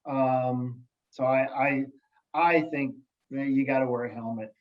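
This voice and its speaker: A man speaking as a guest in casual podcast chat, telling stories in an animated, jokey way with many restarts. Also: medium pitch, a little slow, highs cut off. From United States. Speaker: guest, sales executive and elected official.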